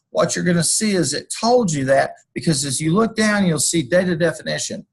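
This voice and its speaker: Poor audio carries a gravelly, slightly rough male voice on the high side. He's a college instructor delivering a screencast lecture, stepping through code and straying into folksy stories from his own life.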